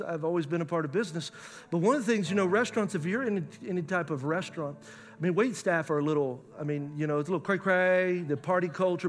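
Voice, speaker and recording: Impassioned high-voiced male pastor. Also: fairly bright tone. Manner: impassioned, repetitive restarts, emotional. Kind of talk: sermon.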